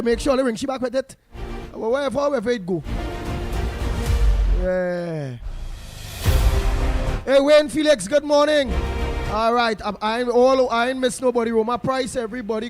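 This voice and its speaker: A man with a Trinidadian accent hosting a talk show, chatting in creole phrasing and rattling off listeners' names to greet them. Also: very high voice. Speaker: radio talk show host. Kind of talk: casual on-air chat greeting listeners.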